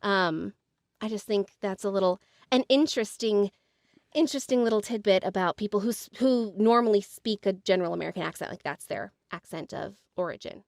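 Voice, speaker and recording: Woman voiceover actor, mid-pitched, explanatory and full of fillers, dry podcast mic. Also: fairly quick, gravelly, dry recording. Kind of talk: casual chat.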